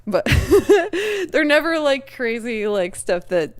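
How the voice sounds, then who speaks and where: A woman streamer chats casually during a live reaction in a high, sing-song voice, taking her time. She giggles often and rambles, full of fillers and restarts.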